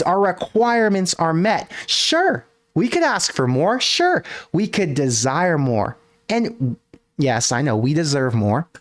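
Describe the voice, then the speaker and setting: Guy ranting on his sports stream at his desk, kinda high voice, swears a bit. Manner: animated, ranting, swearing casually. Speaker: sports podcast host. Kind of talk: solo livestream rant. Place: home desk.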